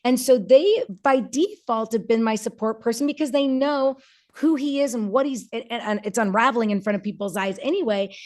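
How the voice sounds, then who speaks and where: A woman's voice: fairly high pitch, darkish tone. A woman in her forties, a podcast guest, talking candidly and earnestly, with frequent restarts, and voicing the people she quotes. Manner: earnest, halting with many restarts, acts out quoted dialogue. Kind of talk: candid personal conversation.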